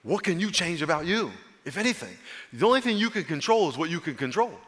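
A man, a pastor, preaching an animated sermon and calling the congregation to repeat phrases back. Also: on the high side, fast talker, long reverb tail. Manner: animated preaching with call-and-response.

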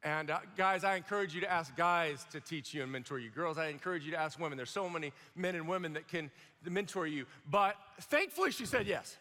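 A middle-aged man preaching a sermon, telling his story with animated acted-out quotes and stammering restarts. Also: on the high side, brisk. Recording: long hall reverb.

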